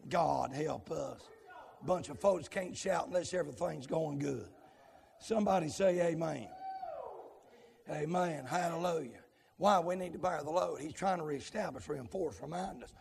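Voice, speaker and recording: A man preaching a revival sermon, breaking into shouted, sing-song runs, then dropping to quick asides to the congregation. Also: vocal fry, in a large hall. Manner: swings between hollered, sing-song runs and low, rapid asides to the congregation.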